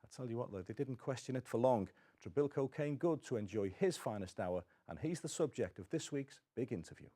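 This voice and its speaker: A man's voice: mid-range voice, expressive, a little fast, mellow. A man presenting a club football show, reading scripted links and asking chatty questions. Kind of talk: presenting and interviewing.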